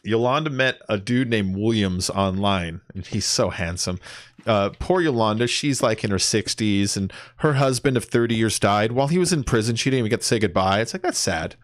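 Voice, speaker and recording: A young man streams a game, chatting casually and rambling, swearing a bit and counting aloud as he plays. His voice is on the low side and animated, at normal speed, with no room sound.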